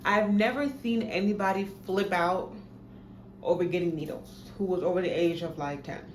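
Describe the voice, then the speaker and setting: A woman's voice: on the low side, moderate pace. A young adult woman, animatedly telling a profane personal story in a casual storytime. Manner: animated, profane, dramatic retelling. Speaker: storytime vlogger. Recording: echoey room, faint background noise.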